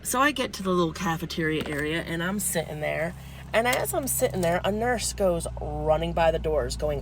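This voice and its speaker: Woman spinning a cheeky crude story, lively, lowish voice. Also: normal speed, a little hiss or hum. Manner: animated, crude, playful. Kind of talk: casual comedic storytelling.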